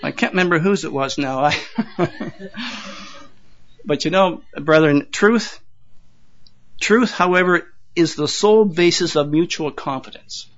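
An older man delivers a sermon to his congregation in a folksy, conversational manner. His voice sits a little high, and he repeats words and chuckles at his own asides. The recording sounds dull and lo-fi. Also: a little slow, pauses often. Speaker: pastor.

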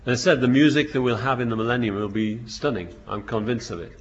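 A man's voice: medium pitch, fast. A man preaching a sermon, reading scripture verses aloud and then explaining them, with frequent restarts and bursts of emphasis. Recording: dull lo-fi recording.

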